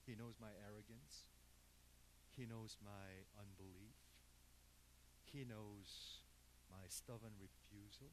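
A man preaching a sermon who swings between quiet, hushed murmurs and loud, emphatic outbursts, often checking in with his congregation. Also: lowish voice, steady tone, slow pace, pauses often, background noise. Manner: keeps checking in with the congregation with "okay?" and "people". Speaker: pastor.

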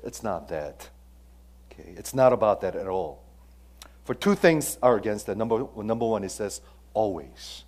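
Pastor preaching with dramatic loud-soft swings. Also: male voice, fairly low pitch, moderate pace. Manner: animated, swings between loud emphasis and quiet asides; asks the audience questions, frequent "okay?". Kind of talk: sermon.

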